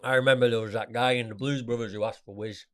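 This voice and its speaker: A man's voice: medium pitch, fairly even intonation, fast, a bit bright. A man with a Mancunian accent, co-hosting a casual podcast chat, jokey and rambling, talking while he eats. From Manchester, England. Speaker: podcast co-host. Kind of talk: casual chat over food.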